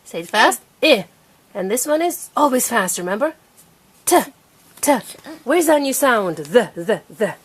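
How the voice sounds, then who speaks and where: A young woman patiently teaching her small child to read, sounding out each word slowly and clearly. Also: fairly high pitch, sing-song. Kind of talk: reading lesson with a preschooler.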